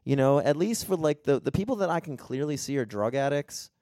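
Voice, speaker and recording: A young man chats casually on a podcast, swearing as he tells animated stories. His voice sits at a middle pitch. It is recorded close and dry. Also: a little fast, no room sound. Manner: profane, animated storytelling. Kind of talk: casual chat.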